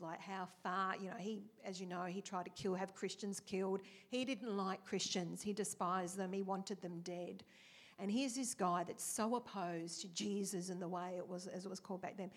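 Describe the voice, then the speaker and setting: A woman's voice: mid-range voice, fairly even intonation, moderate pace. A woman preaching a conversational sermon, telling stories and asking the congregation questions. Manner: chatty, asks the congregation questions, acts out quotes.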